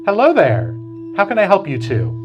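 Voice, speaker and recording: A man's voice: high-pitched, wildly swooping pitch, normal speed, lo-fi sound, over music, pitched above the performer's own voice. Man putting on a cheerful grandmotherly woman. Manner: warm, welcoming, sing-song. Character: cheerful kindly older woman, tall and heavy-set.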